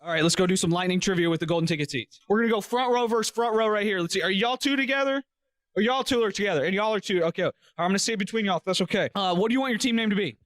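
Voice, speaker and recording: A man co-hosting a radio show, running a trivia game for the studio audience in a brisk, joking way. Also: high-pitched, fairly bright tone. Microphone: studio microphone.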